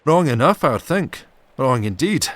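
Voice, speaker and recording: A man voicing a fierce, wily outlaw in a storybook reading, loud and gruff with feigned fury. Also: medium pitch, wildly swooping pitch, moderate pace, dry recording, voice pushed up. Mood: gruff angry. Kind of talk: audiobook character voice.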